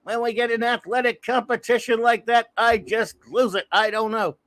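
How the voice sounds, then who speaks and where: A man's voice: very high-pitched, little pitch movement, moderate pace, a bit bright. Rambling, self-deprecating male host. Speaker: host of a comics livestream. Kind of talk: casual chat.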